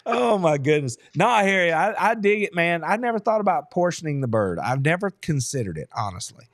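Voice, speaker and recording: A man hosting a casual sports podcast, animated and laughing, with Southern turns of phrase, from Georgia. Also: fairly high pitch, brisk, dry recording, studio quality. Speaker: podcast host. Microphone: headset.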